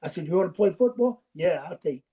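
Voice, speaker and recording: A man's voice: high-pitched, lively intonation, fairly quick, warm tone. An older man, a football coach as podcast guest, telling folksy anecdotes and acting out the dialogue in them. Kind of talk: storytelling interview.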